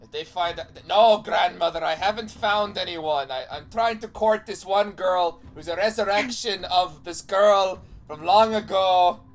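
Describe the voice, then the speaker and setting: A man's voice: sits high, measured pace, few pauses. Man doing Strahd, pompous vampire lord with a mock European accent. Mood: exasperated. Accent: mock Romanian-ish European. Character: brooding vampire lord, male, pompous, put-upon. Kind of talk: improvised comic voice on a game stream.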